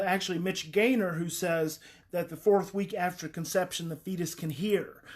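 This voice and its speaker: A woman talking earnestly and emphatically as a parenting advice host, repeating key phrases for weight. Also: lowish voice.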